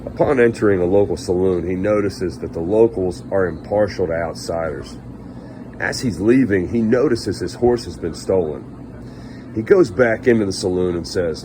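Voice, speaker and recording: A man's voice: sits low, moderate pace, noisy background. A man telling a string of bar jokes in a storytelling way, voicing the characters a little. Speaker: joke teller.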